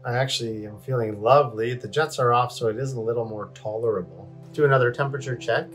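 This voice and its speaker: A man speaks to the camera from a cold bath in his bathroom at home. His tone is candid and self-deprecating, with a coaching lilt. Faint music plays softly behind him. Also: mid-range voice, fast. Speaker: wellness vlogger. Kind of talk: casual talk to camera.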